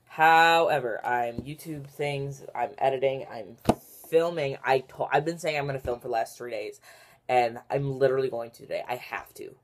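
A young vlogger chatting casually on camera in a daily vlog, rambling and filling every pause with "like" and "literally". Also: medium pitch, darkish tone, a little hiss or hum. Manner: rambling, filler-heavy, says "like" and "literally" a lot.

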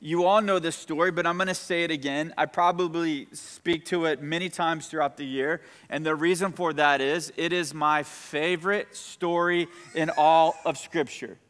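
In an echoing church hall, a man preaching as pastor draws call-and-response from the congregation. His voice is on the high side, steady and fairly bright, at normal speed with hardly any pauses.

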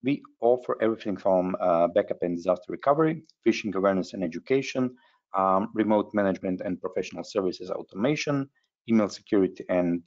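A man with a lowish voice presents a webinar, pausing often and stumbling through his phrases. The sound is dull and lo-fi, like typical online meeting audio. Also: a little mellow. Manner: halting, frequent hesitations. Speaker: webinar host.

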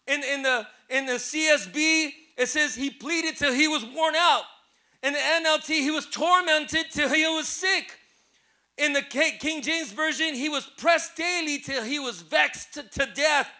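Man, preacher, very high voice, piercing bright tone, emotional sermon, hushed to shouting. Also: measured pace. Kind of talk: impassioned sermon. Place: church service before a congregation.

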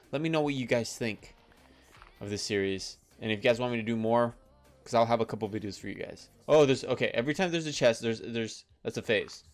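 A young man records casual commentary over his own gameplay. He is chatty and jumps quickly into excitement. Faint background music plays beneath his voice. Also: medium pitch. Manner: chatty, excitable, talks to the animals in the game. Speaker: gaming YouTuber.

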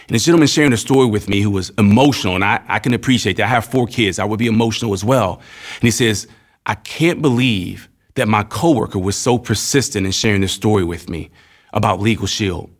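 A man's voice: medium pitch, fast. A man in his thirties speaking as a company spokesman, telling personal stories in an earnest, conversational way for a promotional video. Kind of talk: promotional testimonial talk.

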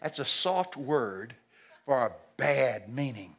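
A man preaching a sermon at a church service, animated and jokey, breaking into shouted acted-out lines. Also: medium pitch, moderate pace, husky. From Texas.

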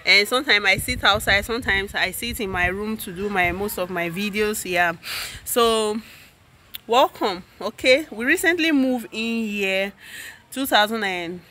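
A woman's voice: medium pitch, a little slow. A woman with a Nigerian accent chatting casually in a family vlog, recorded outdoors at home with a camera mic, laughing often as she talks. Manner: chatty, laughs often, shouts at her child. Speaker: vlogger. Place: outdoors at her home compound and garden.

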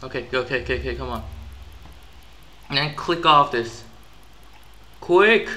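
A gaming YouTuber provides live gameplay commentary in a mid-range voice, speaking a little slowly. He's excitable and quick to get frustrated, breaking into sudden yelps and outbursts.

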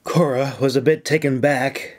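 A man narrating an audiobook in a measured, unhurried way. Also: medium pitch, steady tone. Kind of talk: scripted narration.

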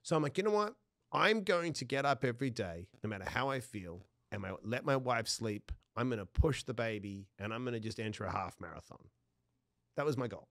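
Animated man telling a story. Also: mid-range voice, a little fast, dry recording, studio quality. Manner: animated, laughs often mid-sentence; acts out dialogue in his stories. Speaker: podcast guest. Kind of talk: personal storytelling.

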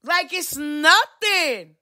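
A woman hosting a podcast, delivering a heated, profane ranting monologue with big swings in pitch. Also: expressive, very slow, pushed and bright. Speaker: podcast host.

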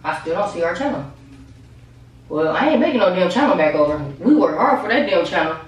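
A woman co-hosting a prank video, arguing loudly and cursing, repeating herself. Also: on the low side, lively intonation, brisk, a little hiss or hum. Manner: loud, profane, repeating herself. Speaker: prank channel co-host. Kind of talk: heated prank argument. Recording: echoey room, mic far off.

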